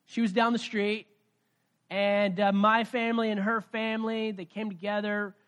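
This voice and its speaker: A man playing a calm middle-aged carpenter father explaining things to his son. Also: high voice, moderate pace, clean tone. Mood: reminiscing.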